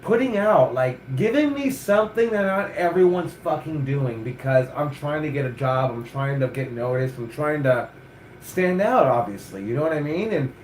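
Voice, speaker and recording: A man's voice: fairly high pitch, lively intonation, normal speed, reverberant, slight background noise. A middle-aged man, a wrestling coach hosting a chat show, talking bluntly and profanely with lots of energy. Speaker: wrestling coach and podcast host. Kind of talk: casual chat.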